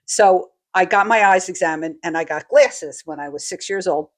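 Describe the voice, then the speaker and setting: A woman's voice: fairly low pitch, moderate pace. A woman co-hosting a podcast, chatting casually about a TV episode and telling a personal story. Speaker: podcast co-host. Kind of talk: casual chat recapping a TV episode.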